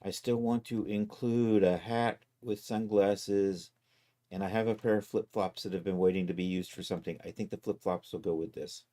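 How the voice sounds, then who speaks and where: A man's voice: on the low side, steady tone, moderate pace, mellow. A man streaming live, chatting casually and thinking aloud as he wraps up and looks for a channel to raid. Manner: easygoing, thinks aloud while clicking around.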